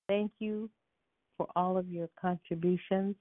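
A woman's voice: low-pitched, measured pace, gravelly, no echo. A woman leading a prayer line, praying fervently and repeating words of praise and thanks. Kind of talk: spoken prayer on a phone line. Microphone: phone. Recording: tinny phone line.

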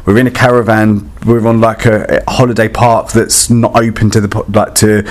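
A man's voice: on the low side, level tone, moderate pace. A man telling a story in a casual, chatty and dramatic way, with many fillers. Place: static caravan.

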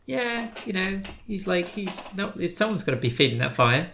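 Low-voiced woman co-host, dry understated humor, faint noise on her track. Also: sing-song, normal speed, a bit bright. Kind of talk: casual chat.

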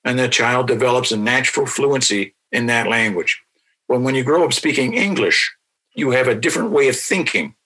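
A man who teaches a language, answering interview questions in a patient, explanatory way and repeating example words slowly. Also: medium pitch, lively intonation, pushed and bright, husky, low-quality recording.

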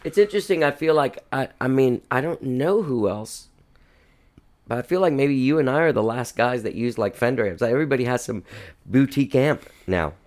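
A man's voice: medium pitch, lively intonation, a little fast, darkish tone. A man hosting a radio show, chatting casually with guests, rambling and laughing easily. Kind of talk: casual interview chat.

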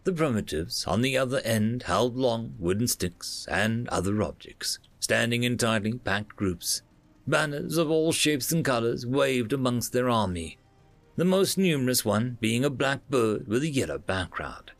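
A man narrating a fantasy story in an expressive, dramatic reading style. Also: mid-range voice, a little slow, no echo, faint music behind.

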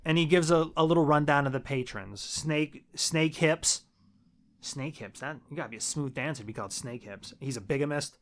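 A man's voice: a little high, normal speed. A man co-hosting a casual movie review podcast, laid-back and swearing freely. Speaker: podcast co-host.

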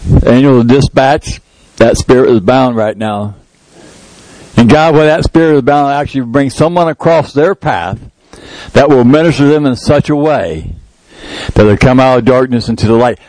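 A man's voice: mid-range voice, normal speed, darkish tone, no room sound, rough recording. A middle-aged male pastor preaching a sermon in a conversational way that rises into emphatic prayer. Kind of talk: sermon with live demonstration.

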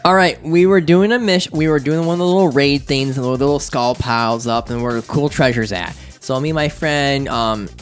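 A man telling a gaming story in casual chat with friends, acting out the lines other players shouted. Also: mid-range voice, brisk, few pauses, smooth, faint music behind.

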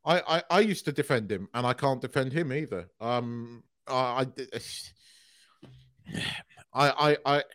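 He is a middle-aged man with a mid-range voice, co-hosting a podcast in casual chat. He rants bluntly, swears freely and gets animated. The sound is dry and close, with no room. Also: mid-range voice, unhurried, no room sound. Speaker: podcast co-host.

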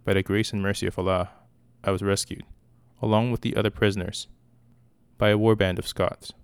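Stern exiled mother, cold and clipped, low and gravelly; read by a man. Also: flat delivery, fairly quick, no room sound, natural voice. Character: stern, guarded middle-aged mother in exile.

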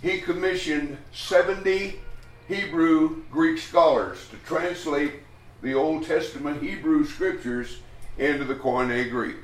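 A man's voice: a little high, takes it slowly. A man preaching a sermon, teaching a Bible passage in a folksy, rambling way with restarts and chuckles. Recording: echoey room, voice from a distance.

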